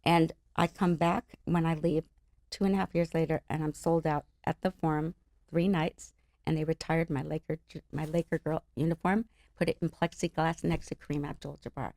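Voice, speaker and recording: Middle-aged woman from LA, lowish gravelly voice, chatty and animated, dry close sound. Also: moderate pace, no echo. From Los Angeles area. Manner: animated, laughing, acts out other people's voices. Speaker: interview guest. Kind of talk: casual storytelling chat.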